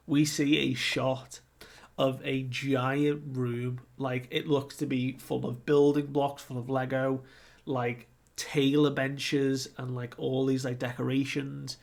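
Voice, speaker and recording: A man chatting casually through a manga chapter recap. His voice is gravelly and his delivery unhurried. He laughs often and keeps the retelling animated. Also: medium pitch. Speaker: manga reviewer. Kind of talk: casual recap with acted quotes.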